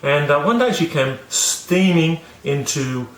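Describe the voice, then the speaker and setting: A man's voice: fairly high pitch, animated, takes it slowly, echoey room. Man telling a rambling self-mocking story. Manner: rambling, many fillers and restarts, self-mocking. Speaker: vlogger teaching about learning. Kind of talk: casual storytelling to camera.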